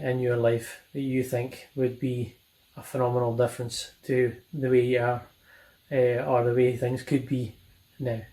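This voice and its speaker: A man's voice: mid-range voice, darkish tone, rough recording. A man sending in a recorded question to a podcast, signing off in a friendly, chatty way.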